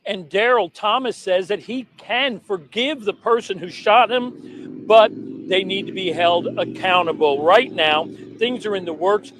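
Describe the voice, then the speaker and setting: High-voiced male news reporter over traffic noise. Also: fairly bright tone, low-quality recording. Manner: measured reporter delivery.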